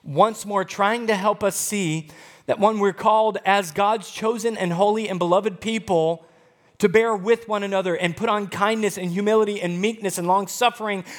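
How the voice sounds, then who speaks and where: A male pastor preaching a sermon, expressive and swinging between loud and hushed. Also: high-pitched, normal speed.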